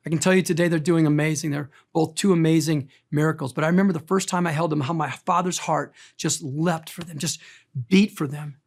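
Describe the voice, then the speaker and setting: A man's voice: fairly high pitch, fairly even intonation, fairly quick. A middle-aged man, a pastor, preaching a sermon in church, telling personal stories with emphatic delivery.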